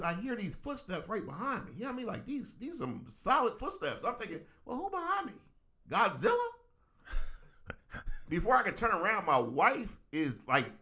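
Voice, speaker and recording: A middle-aged man, a reverend co-hosting a talk show, telling stories in a casual, animated way with frequent laughs. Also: sits high. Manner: animated storyteller, laughs often, acts out voices. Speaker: co-host, reverend. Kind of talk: casual chat.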